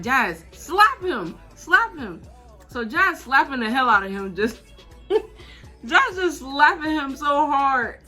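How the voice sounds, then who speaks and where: A 19-year-old woman vlogger telling a casual, slangy storytime, animated and laughing as she goes. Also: mid-range voice.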